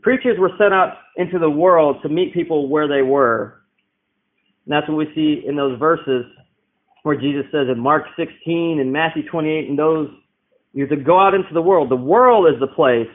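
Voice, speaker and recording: A man's voice: fairly high pitch, moderate pace. A man preaching a Bible-teaching sermon, explaining verses and asking rhetorical questions. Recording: tinny phone-like sound.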